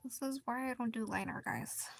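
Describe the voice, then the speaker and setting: A woman streaming as an artist, chatting casually while she draws, in a halting, rambling and quietly deflated way. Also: a little high, animated, vocal fry. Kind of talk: casual chat while drawing.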